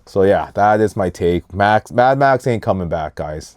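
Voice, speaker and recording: Dark-voiced man giving sports hot takes. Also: low voice, measured pace, dry recording. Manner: animated hot takes, calls out names and leans on words. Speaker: podcast host. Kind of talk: casual sports podcast chat.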